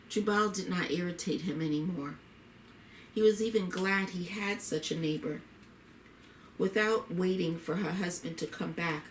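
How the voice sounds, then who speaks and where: A woman narrating a scripted story in a measured, plain way. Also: fairly low pitch, distant mic, a little hiss or hum. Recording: roomy echo, faint ambience.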